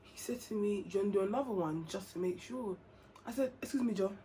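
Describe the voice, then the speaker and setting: A woman's voice: medium pitch, fast talker, slight background noise. A young woman tells a personal story straight to camera. She is chatty and slangy, and she laughs and acts out the voices of the people in it. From England. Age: young adult. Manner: animated, slangy, laughs often, acts out dialogue. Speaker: vlogger. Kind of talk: casual storytelling.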